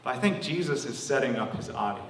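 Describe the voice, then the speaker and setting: A man preaching a sermon as pastor, telling a story with lively acted-out voices. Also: mid-range voice, fast, slight background noise. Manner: animated storytelling, acting out quoted voices. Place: church hall. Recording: echoey room, from a distance.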